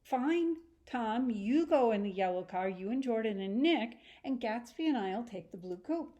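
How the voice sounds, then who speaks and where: A woman's voice: on the high side, expressive, measured pace, warm tone, lo-fi sound. A woman voicing an airy, showy rich young woman with a breezy, affected manner while retelling a story.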